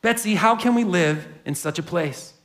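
A man's voice: sits high, normal speed, fairly bright tone. A man voicing a frightened, exasperated adult woman prisoner who pleads and complains. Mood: distressed. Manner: distressed, pleading.

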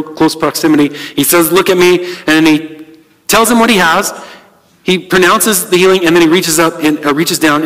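A man's voice: on the high side, fairly bright tone, big-room sound, low-quality recording. A man preaching a conversational sermon as pastor, talking through a Bible passage with frequent restarts and fillers.

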